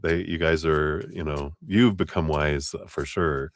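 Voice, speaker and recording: Deep-voiced man reading tarot live. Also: fairly even intonation, unhurried. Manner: chatty, laughs often, acts out quotes. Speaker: tarot reader.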